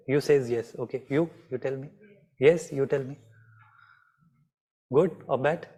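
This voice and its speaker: A man's voice: mid-range voice, a little slow, pauses often, warm tone. A man teaching an online astrology class, often asking students by name and repeating his questions.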